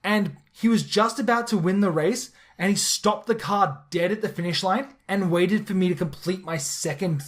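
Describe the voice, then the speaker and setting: A podcast host chatting casually in an excitable, rambling way, often restarting and repeating words mid-sentence. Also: medium pitch, moderate pace, hardly any pauses.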